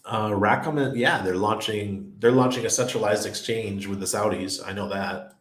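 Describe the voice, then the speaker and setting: Male streamer, middle-aged, low voice, rambly and laughing, echoey room. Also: normal speed, slight background noise. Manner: rambling anecdotes, laughs often. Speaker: crypto livestream host. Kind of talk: casual livestream chat, reading viewer comments. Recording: roomy echo.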